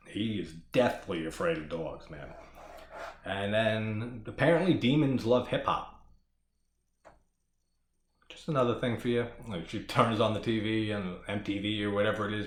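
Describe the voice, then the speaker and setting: A man's voice: on the low side, echoey room. A man hosting a casual horror movie discussion, rambling and swearing as he talks through scenes. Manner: profane, rambling, enthusiastic. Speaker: horror movie podcast host.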